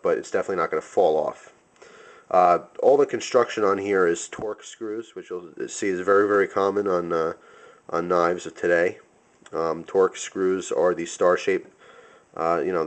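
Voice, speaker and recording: Young male reviewer with a very low voice, loose and rambling, full of ums and restarts. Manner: rambling, many fillers and self-corrections. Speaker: knife reviewer. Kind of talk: casual product review.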